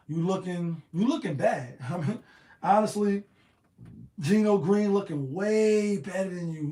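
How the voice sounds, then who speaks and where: Animated high-voiced man talking betting picks. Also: reverberant. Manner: animated, slangy, rhetorical questions. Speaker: sports betting show host. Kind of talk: casual solo picks talk.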